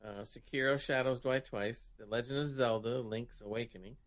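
A man's voice: mid-range voice, fairly even intonation, moderate pace. A man with a Southern American accent hosting a casual gaming chat, reading out award nominees over an online call. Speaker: host reading award results.

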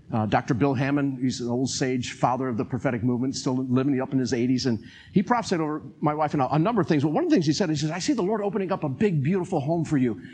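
An older man preaching a sermon in an animated way, acting out quotes and chuckling as he talks. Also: medium pitch, a little hiss or hum.

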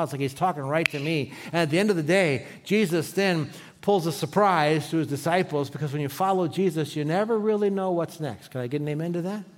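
A man's voice: a little high, in a large hall. A man preaching a sermon as pastor, talking conversationally and asking the congregation questions.

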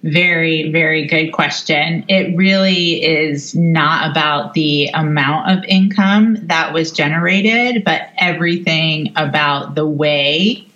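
Guest, woman, low and slow delivery, thoughtful, muffled lo-fi recording. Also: a bit bright. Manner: measured, many "you know" fillers. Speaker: business coach guest. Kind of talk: reflective interview answers.

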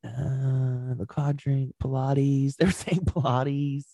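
A man's voice: mid-range voice, little pitch movement, takes it slowly, gravelly, warm tone, no echo. A man co-hosting a podcast in casual chat, laughing often as he jumps from one story to the next. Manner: chatty, laughs often, jumps between stories. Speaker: podcast co-host.

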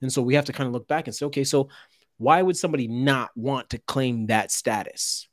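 A man co-hosting a podcast conversation, talking in an animated way with rhetorical questions and words repeated when he gets worked up. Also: mid-range voice, a little fast, dry recording, clean studio sound. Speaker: co-host.

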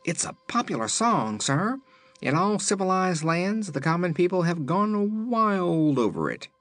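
A man's voice: high voice, sing-song, measured pace, fairly bright tone, no room sound, faint music behind, pitched above the performer's own voice, exaggerated voice. A man voicing a sulky, boastful talking phonograph machine in a storybook reading. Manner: sad then indignant, sulky.

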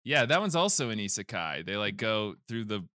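A man in casual podcast talk, swearing and throwing himself into scenes as he retells them. His pitch rises and falls a lot and his voice is bright. The sound is close and dry. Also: brisk, dry recording. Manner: animated, swears, jumps into loud impressions. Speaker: podcast host. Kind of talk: casual chat, retelling a movie trailer.

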